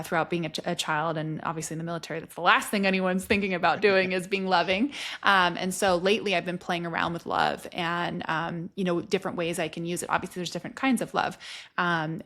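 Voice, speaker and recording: A woman's voice: lowish voice, a bit bright. Chatty woman podcast host, lots of ums. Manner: rambling, full of "um" and "you know". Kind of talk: casual interview chat.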